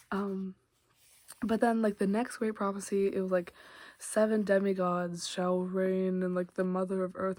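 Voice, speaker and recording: A woman's voice: mid-range voice, a little mellow, dry recording. A young woman giving a rambling, casual book recap to camera, full of fillers and gushing asides. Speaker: book vlogger.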